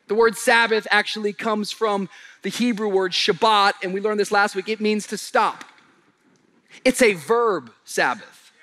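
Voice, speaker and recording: Animated male pastor preaching, high voice, bright and forceful, slangy, jumps from loud to hushed. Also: measured pace, a faint crowd, slight background noise. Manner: animated preacher, swings from shouted emphasis to low quiet asides; casual slangy delivery. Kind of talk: sermon to a live congregation.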